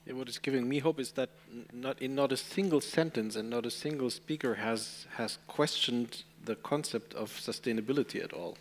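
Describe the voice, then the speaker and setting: A man's voice: mid-range voice, moderate pace, hardly any pauses, a little hiss or hum. A man speaking on a conference panel, often restarting his words as he thinks aloud. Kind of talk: panel discussion. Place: conference hall.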